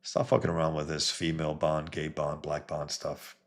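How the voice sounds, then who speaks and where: A man's voice: very deep voice, monotone, moderate pace. A man hosting a casual show, answering viewer comments in a blunt, profane, dismissive way.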